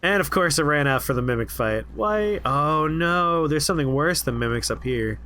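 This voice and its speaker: Animated man narrating his gameplay. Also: medium pitch, quick pace. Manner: amused, reading out odd item text. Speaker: let's play streamer. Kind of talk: casual gameplay commentary.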